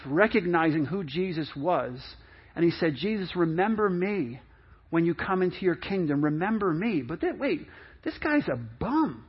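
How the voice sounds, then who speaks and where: A man's voice: high-pitched, breathy edge, muffled recording. A middle-aged man preaching a sermon in a conversational way, with many repeats and restarts, acting out people's excuses. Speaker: pastor.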